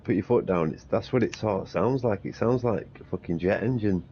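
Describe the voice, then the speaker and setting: A man's voice: on the low side, brisk. Rambling sweary man. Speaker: car enthusiast. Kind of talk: casual chat. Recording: dull lo-fi audio with faint noise.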